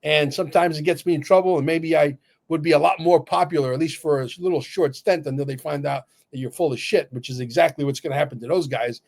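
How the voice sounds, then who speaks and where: A man co-hosting a livestream, talking bluntly and emphatically, cursing and filling pauses with "uh". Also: fairly high pitch, creaky, darkish tone. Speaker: livestream co-host. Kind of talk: opinionated livestream talk.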